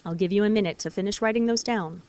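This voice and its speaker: A woman teaching a recorded lesson, explaining clearly and patiently, step by step. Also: mid-range voice, fast talker, a little mellow, highs cut off. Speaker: French teacher.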